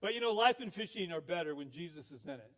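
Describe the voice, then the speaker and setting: A man's voice: on the high side, lively intonation, fast talker, fairly bright tone. A male pastor giving a sermon, telling stories with acted quotes. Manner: storytelling with laughs, acted quotes.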